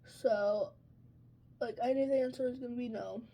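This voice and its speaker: A woman's voice: a little high, normal speed, gravelly, mellow. A woman vlogger telling a story in a casual chat while getting ready, full of "like" and "um" and sounding exasperated. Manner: chatty, peppered with "like" and "um".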